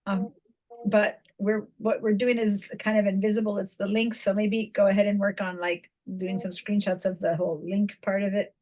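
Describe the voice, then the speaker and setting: A woman's voice: mid-range voice, little pitch movement, moderate pace, darkish tone, poor audio. A woman teaching a design class over a video call, chatty, with many fillers and restarts. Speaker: design instructor. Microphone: computer mic on video call.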